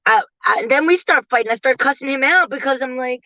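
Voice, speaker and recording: A woman in her forties chatting casually to viewers from her parked car, laughing often and getting animated when she quotes people. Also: high voice, brisk, dry recording, highs cut off, faint music behind. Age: 40s. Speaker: livestream host.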